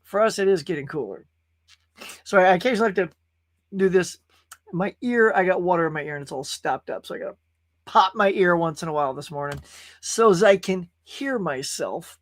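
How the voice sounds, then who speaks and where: A man's voice: sits high, animated, fairly quick, no room sound. A man from California, host of a casual live-stream show, talking in a rambling, chatty way and reading viewers' comments aloud. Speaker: podcast host.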